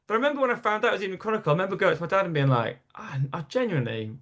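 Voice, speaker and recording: A man with a Geordie accent, a comedian guest telling stories in lively casual chat and laughing at his own tales. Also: sits high, racing. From North East England.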